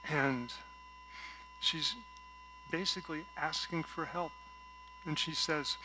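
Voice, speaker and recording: A man preaching a gentle, reflective sermon from a stage at a spiritual center, telling a story and often dropping to a soft voice. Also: on the high side, steady tone, takes it slowly, pauses often, background noise. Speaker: guest speaker at a spiritual center.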